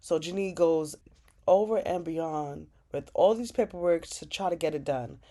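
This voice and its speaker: Recapping a TV episode on her channel, a young woman with a low voice chats animatedly at normal speed, peppering her talk with "like."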